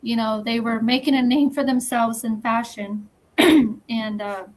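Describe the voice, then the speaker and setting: A woman talking as a podcast guest, telling a story in a measured, firm way with pauses. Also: fairly high pitch, fairly even intonation, poor audio. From Texas. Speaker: podcast guest, magazine founder. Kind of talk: casual interview chat.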